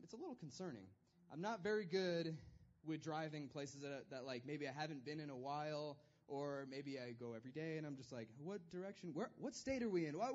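A man's voice: on the high side, a little mellow, muffled recording. A man preaching a sermon as pastor, in a loose conversational style with self-deprecating humor.

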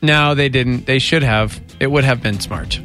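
A man's voice: medium pitch, unhurried, soft background music. A man co-hosting a morning radio show, teasing and joking with his co-host and callers. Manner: teasing, jokey, animated.

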